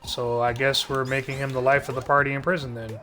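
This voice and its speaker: A man's voice: medium pitch, little pitch movement, fairly quick, bright, forceful tone, faint music behind. A man streaming live, ranting to his chat in a rambling, sardonic way, swearing constantly and restarting his sentences. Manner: rambling, heavy cursing, sardonic.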